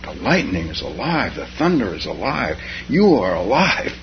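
A man's voice: lowish voice, sing-song, normal speed. An older man, a Zen teacher, giving a dharma talk full of personal stories and frequent chuckles. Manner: chuckles often while telling stories. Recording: dull lo-fi recording with faint noise.

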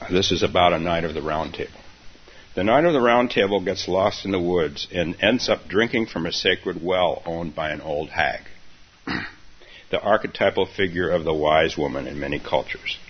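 A man's voice: low-pitched, husky. A man giving a dharma talk as a meditation teacher, speaking unhurriedly and repeating his phrases. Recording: dull recording with faint hiss.

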